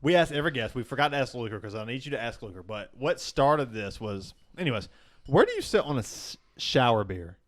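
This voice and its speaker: A man's voice: mid-range voice, sing-song, brisk, fairly bright tone. Joking man co-hosting a podcast. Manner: joking, teasing. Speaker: podcast co-host. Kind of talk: casual banter.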